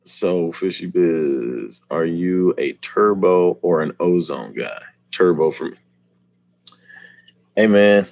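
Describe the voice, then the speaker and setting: A man with a somewhat low voice chats casually as he hosts a live stream. He keeps joking, teasing viewers and laughing between lines. The sound is dry and close. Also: takes it slowly, creaky, a little mellow, no room sound. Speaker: livestream host.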